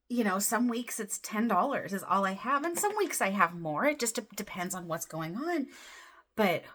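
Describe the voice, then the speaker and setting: A woman vlogging about her budget, counting cash under her breath and then gushing with excitement. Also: medium pitch. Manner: excitable, counts money aloud softly then gushes. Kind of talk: casual vlog, counting cash. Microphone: desk camera mic, off-camera voice.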